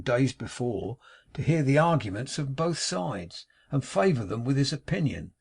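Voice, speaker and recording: A man reading a classic novel aloud as an audiobook narrator, in a steady, even storytelling read. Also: medium pitch, creaky, husky. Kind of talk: scripted narration.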